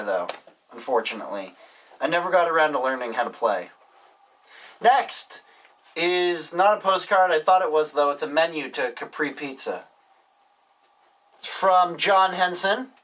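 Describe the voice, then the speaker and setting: A man's voice: a little high, a bit bright, far from the mic, poor audio. A young man reading viewer postcards aloud in a casual vlog, adding dry, wisecracking asides. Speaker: YouTuber reading viewer mail.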